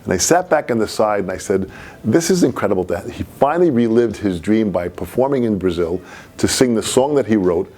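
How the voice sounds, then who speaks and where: A man telling a personal anecdote in an animated way, laughing as he goes. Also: on the low side, fairly quick. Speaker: storyteller.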